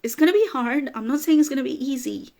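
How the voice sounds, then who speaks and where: Speaking fast in a high, expressive voice with a darkish tone, a woman who coaches businesspeople gives an emphatic pep talk. She repeats lines for effect and grows emotional in places, laughing through her tears.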